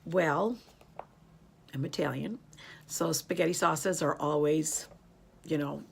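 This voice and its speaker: Talking to camera in a casual tag video, a beauty YouTuber in her 50s rambles and becomes emotional. She speaks slowly with a low pitch, fairly even intonation, and vocal fry, and a little hiss or hum can be heard.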